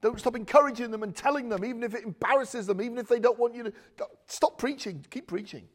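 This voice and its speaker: A man's voice: very high voice, very fast. A man preaching a chatty, joking sermon full of asides. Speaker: pastor.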